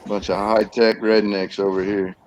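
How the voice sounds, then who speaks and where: A man's voice: lowish voice, level tone, moderate pace, noisy background. A man, chatting easily in a folksy way on a video call. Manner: folksy, easygoing. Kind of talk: casual chat on a video call.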